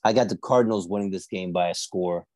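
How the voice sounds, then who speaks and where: Male sports podcast co-host with a low voice, casual, steers the talk. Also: quick pace, dry recording. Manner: steady, leads the picks and wraps up the show.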